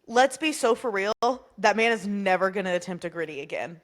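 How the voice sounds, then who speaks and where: A woman's voice: medium pitch, expressive, a little fast. A woman co-hosting a podcast in casual chat, telling stories in an easygoing way on a video call. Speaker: podcast co-host.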